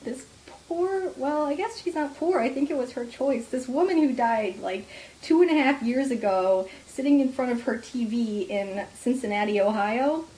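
A woman's voice: high voice, normal speed, rough recording. A young woman co-hosting a podcast, chatting casually and telling stories with lots of laughter. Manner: chatty, giggly, animated storytelling. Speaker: podcast co-host. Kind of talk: casual chat.

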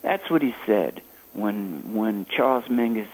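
An older man, a jazz saxophonist, telling stories in a halting, anecdotal way during an interview. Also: lowish voice, animated, a little mellow, low-quality recording. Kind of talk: reminiscing interview storytelling.

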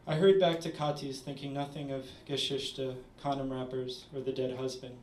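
A man reading his own short story aloud at a literary event, measured with small stumbles. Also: medium pitch, level tone, darkish tone, a little hiss or hum. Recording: roomy, distant audience recording.

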